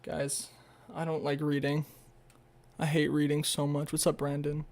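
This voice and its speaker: Rambling sarcastic young man, fairly high voice. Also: monotone, a little slow, vocal fry, darkish tone. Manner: rambling, sarcastic, swears, stumbles when reading. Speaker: streamer. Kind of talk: casual livestream, reading an article aloud.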